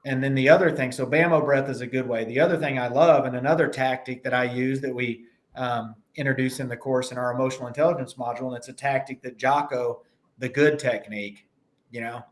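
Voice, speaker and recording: A man talking as a podcast guest in casual conversation, animated and acting out little anecdotes in other voices. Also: medium pitch, brisk.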